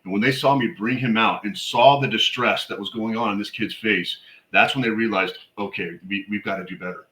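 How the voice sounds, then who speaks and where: A man's voice: fairly low pitch, fairly even intonation, moderate pace, bright, forceful tone, echoey room, poor audio. A middle-aged man, a military veteran and suicide prevention educator, telling stories in a blunt, emphatic way as an interview guest. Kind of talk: conversational podcast interview.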